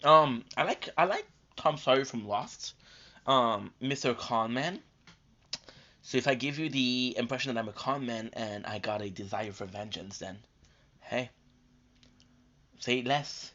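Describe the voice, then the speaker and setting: A worn-out man chats through a late gaming live stream, rambling and restarting his sentences with plenty of fillers. He sounds like he is coming down with a cold, and his voice sits in an ordinary middle pitch. The stream audio is muffled and lo-fi. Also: a little slow, sharp tone. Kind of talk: casual live-stream chat.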